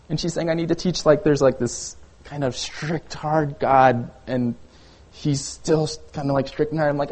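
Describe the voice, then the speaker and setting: A man's voice: on the high side, fairly even intonation, normal speed, a little mellow. Casual young male pastor preaching. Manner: conversational, storytelling with filler words. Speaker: youth pastor. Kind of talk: casual sermon.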